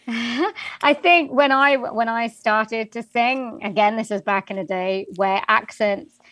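A woman's voice: a little high, takes it slowly, fairly bright tone, dry recording, poor audio. A woman from Wales who speaks with a general British English accent, a singer and voiceover artist talking in an interview in a chatty way with many fillers. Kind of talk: interview conversation.

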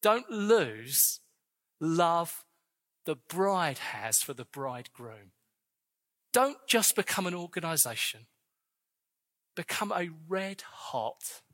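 Male preacher, high and bright, fervent sermon with light asides, long church reverb. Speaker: visiting preacher.

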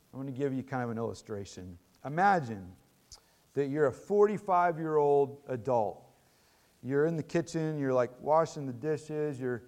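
A man's voice: medium pitch, a little mellow. A middle-aged man preaching a sermon in a conversational teaching manner, often restarting phrases and checking in with tag questions. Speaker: pastor.

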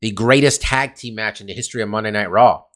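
A man's voice: on the low side, fast. A man co-hosting a podcast, chatting casually in a rambling, profane way with lots of fillers. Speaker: podcast co-host. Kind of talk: casual chat. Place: California.

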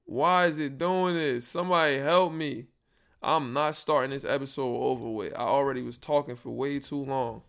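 A young man talks casually and rambles through his podcast, full of slang and asides. His voice has a gravelly, creaky texture at a middle pitch. He is recorded on a built-in computer microphone. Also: fairly even intonation, normal speed, a bit bright. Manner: rambling, troubleshooting audio live, slangy. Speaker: podcast host. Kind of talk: casual solo podcast chat.

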